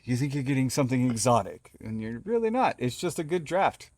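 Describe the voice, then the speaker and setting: A man's voice: mid-range voice, sing-song, brisk, a little mellow. Rambling man, podcast co-host. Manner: rambling, repeats himself, emphatic warnings. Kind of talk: casual chat. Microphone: phone recording.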